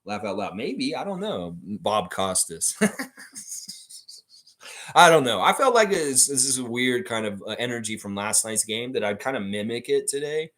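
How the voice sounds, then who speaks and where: Animated, goofy male livestream host. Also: mid-range voice, measured pace. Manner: animated, goofy, blunt and ranting. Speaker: livestream host reacting to a basketball game. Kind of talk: casual livestream reaction, reading chat aloud.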